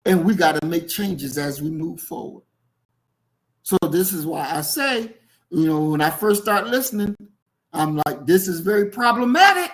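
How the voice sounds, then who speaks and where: A man hosting a casual podcast discussion about a book, speaking bluntly and forcefully and repeating points for emphasis. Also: a little high, a little slow, low-quality recording.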